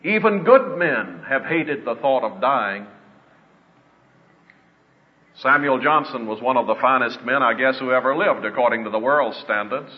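A man preaching a sermon in an earnest way, slowing down to stress his points. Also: mid-range voice, lively intonation. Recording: dull lo-fi with long reverb.

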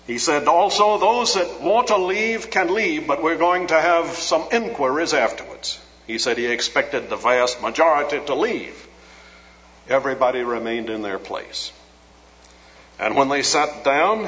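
Preacher telling a story in a reverberant hall. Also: male voice. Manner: dramatic retelling, rising loud for quotes, dropping low and soft in prayer. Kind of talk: sermon storytelling and prayer. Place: large auditorium. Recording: dull lo-fi sound with long hall reverb.

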